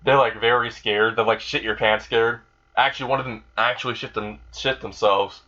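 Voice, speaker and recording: A young man rambles through a made-up fan story, stopping and restarting his sentences and swearing freely. His voice sits at an ordinary middle pitch. The recording sounds dull and lo-fi, like a cheap home mic. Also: steady tone, moderate pace, bright, forceful tone. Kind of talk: casual improvised story retelling.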